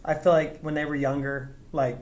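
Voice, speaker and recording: A man co-hosting a podcast in casual chat, halting and restarting, with many short affirmations. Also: fairly high pitch, level tone, a little mellow. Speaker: podcast co-host.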